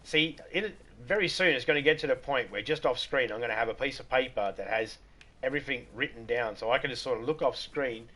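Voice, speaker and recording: Australian guy, live streamer, rambling joker, mid-pitched. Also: fairly quick, pushed and bright. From Western Australia. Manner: rambling, joking, laughs often. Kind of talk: casual live-stream chat.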